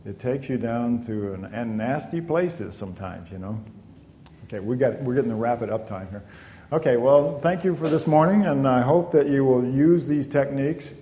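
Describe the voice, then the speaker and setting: A man teaching meditation to a class in a calm, conversational talk, often saying "you know". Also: medium pitch, normal speed, slight background noise. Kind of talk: informal spoken talk to a class. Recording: echoey hall with long reverb.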